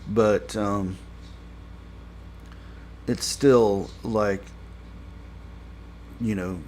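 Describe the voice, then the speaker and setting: Slow, low-voiced man rambling through a review. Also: steady tone, slight background noise. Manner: rambling, heavy on fillers, gets exasperated and louder when complaining. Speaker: TV episode reviewer. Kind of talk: casual spoken review.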